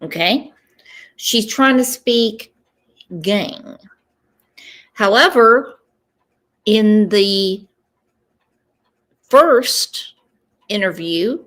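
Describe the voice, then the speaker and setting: A woman's voice: medium pitch, expressive, drawn-out words, pauses often, fairly bright tone. A woman giving casual true crime commentary, emphatic and stopping often to ask "okay?". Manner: emphatic, repeats "okay?" for stress.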